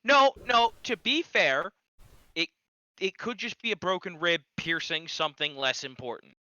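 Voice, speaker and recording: Guy cutting in to correct his cohost, super bright crisp voice, dull mic. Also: sits high, no echo. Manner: quick to object and correct the other host. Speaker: co-host. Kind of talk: comedic commentary.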